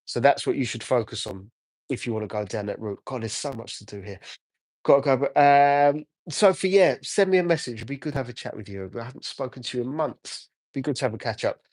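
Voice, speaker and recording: A man's voice: medium pitch, animated, quick pace, dry recording. A man chatting casually on a livestream, answering viewer comments while he cleans a car outdoors, talking into a phone. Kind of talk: casual live chat while working.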